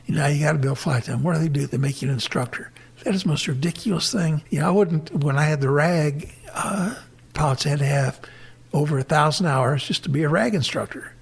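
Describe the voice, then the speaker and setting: A man's voice: on the high side, vocal fry, husky. An older man, a retired navy helicopter pilot, telling stories from his flying career in a plain-spoken way and acting out what people said to him. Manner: plain-spoken storyteller, acts out his own quotes. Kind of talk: recounting war stories in an interview.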